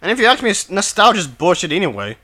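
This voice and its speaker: A man talks through his opinions in a bright, fairly high voice. He stops and restarts often, repeating phrases as he searches for words. His tone turns blunt and dismissive. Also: big pitch swings, fast talker. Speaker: video commentator. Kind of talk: opinion commentary.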